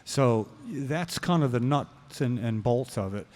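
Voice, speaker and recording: A calm male co-host with a measured delivery and an ordinary middle pitch. He argues his points evenly in an informal talk-show manner. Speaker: podcast co-host.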